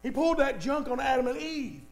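A man's voice: very high-pitched, lively intonation, a little fast, poor audio. A man preaching a sermon, emphatic, repeating lines for stress and speaking straight to the congregation. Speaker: pastor.

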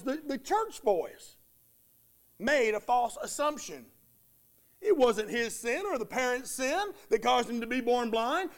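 High-voiced emphatic male preacher. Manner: emphatic, repeats phrases, voices the townsfolk. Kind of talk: sermon.

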